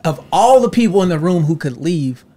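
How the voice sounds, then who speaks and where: A man, a comedian guest, telling a story in casual chat with profane, animated delivery and acted-out quotes. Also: a little high, fairly quick.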